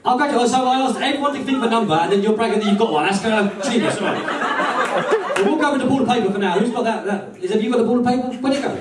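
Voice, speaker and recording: A man's voice: very high-pitched, animated, very fast, far from the mic, crowd noise. A man performing a live comedy magic show, teasing and bantering with volunteers. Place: large indoor hall with an audience. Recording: roomy hall, voice from afar, audience noise.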